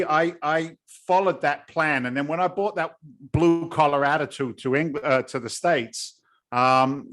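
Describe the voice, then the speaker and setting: Man, 50s, London-Boston accent, rambling chatty guest, blue-collar slang, mid-pitched voice. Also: fairly bright tone. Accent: London and Boston blend. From England. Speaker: guest, real estate investor. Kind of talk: casual conversation.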